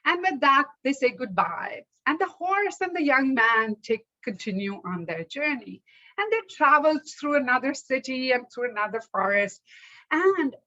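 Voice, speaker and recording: A woman storyteller telling a folktale aloud in a measured, rhythmic way. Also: on the high side, sharp tone, dull audio.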